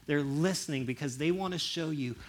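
Animated young man talking about relationships. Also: brisk, slight background noise. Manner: animated, acts out quoted voices with big pitch jumps; drops to a soft low voice for serious points. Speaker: speaker on relationships. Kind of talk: casual talk to an audience.

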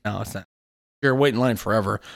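A man in casual chat, telling long animated stories and swearing freely. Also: lowish voice, fast, gravelly.

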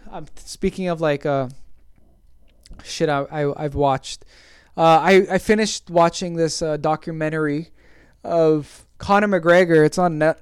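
A man's voice: a little high, a little mellow, clean tone, no echo. A man hosting a casual solo podcast, rambling and self-deprecating with many fillers. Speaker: podcast host.

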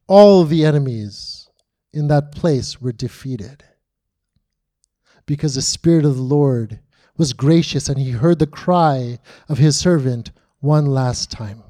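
A man preaching a sermon, retelling the story dramatically and dropping to a hush on key lines. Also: medium pitch, slow.

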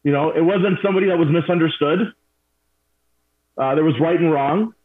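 Husky man on a tinny line. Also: fairly high pitch, normal speed. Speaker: guest, martial arts academy owner. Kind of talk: casual interview talk.

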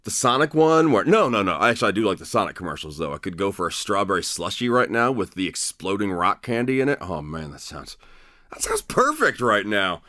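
A man's voice: lowish voice, quick pace, hardly any pauses, dry recording, studio quality. A man hosting a podcast, talking through a wrestling review in a casual, opinionated way with lots of restarts. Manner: animated, opinionated, frequent restarts and fillers. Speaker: podcast host.

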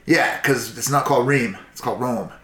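A man's voice: medium pitch, normal speed, fairly bright tone, a little hiss or hum. Tipsy, profane male storyteller; rambling casual chat in a roomy space. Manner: profane, rambling, acts out voices. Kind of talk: casual drunken history chat.

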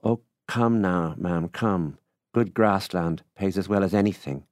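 A man putting on a genial middle-aged farmer, raised a good bit above the reader's own deep tone, louder and pushier, with a dry close sound. he coaxes and wheedles in a folksy country way and never lets up. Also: a little slow, dry recording. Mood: coaxing. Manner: coaxing, folksy, repeatedly says ma'am.

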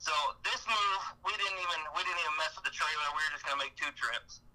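Bright-voiced man telling stories. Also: on the high side, fast, low-quality recording. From Ohio. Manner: animated storyteller with laughs and acted-out quotes. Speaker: guest hunter. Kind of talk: casual storytelling.

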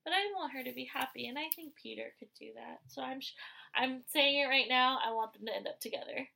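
A woman's voice: high voice, brisk, gravelly, sharp tone. A woman co-hosting a casual podcast, her voice sick, earnestly sharing opinions about a reality TV show. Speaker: podcast co-host.

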